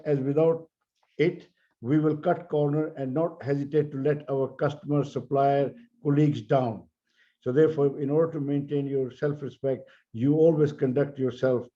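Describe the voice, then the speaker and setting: Older man, Indian English accent, deep dark tone, steady emphatic keynote speech, muffled recording. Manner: earnest, measured, emphatic on key words. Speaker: keynote speaker. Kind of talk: conference speech. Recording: dull lo-fi audio.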